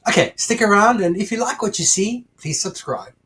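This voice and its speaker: A man's voice: high voice, lively intonation, moderate pace, fairly bright tone, slight background noise. A man hosting his own channel in a casual chat to camera, rambling and jokey, often correcting himself mid-sentence. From United Kingdom. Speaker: channel host.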